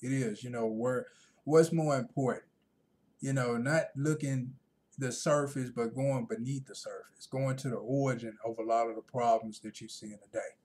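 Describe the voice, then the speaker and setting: A man ranting in a casual vlog monologue, rambling and repeating himself, growing loud and animated when he retells conversations. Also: mid-range voice, moderate pace. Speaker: vlogger.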